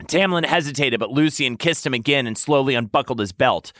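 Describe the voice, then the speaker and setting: A man, a podcast host, narrating in a mock-sultry, deadpan comedic reading. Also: medium pitch, moderate pace, hardly any pauses, no room sound, studio quality.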